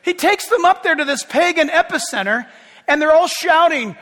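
Pastor guy preaching in a church, high bright voice, gets loud and jokey, big hall reverb. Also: brisk. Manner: animated, shouts out quoted crowds, jokes with the congregation. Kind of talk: sermon. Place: church sanctuary.

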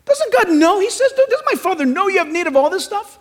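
High-voiced, animated preaching man. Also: quick pace, big-room sound. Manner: animated storytelling, acting out voices. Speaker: pastor. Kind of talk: sermon.

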